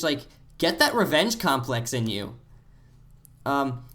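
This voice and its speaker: On a laid-back video game podcast, this male co-host thinks out loud, peppering his speech with "like." He speaks at medium pitch with a fairly bright tone.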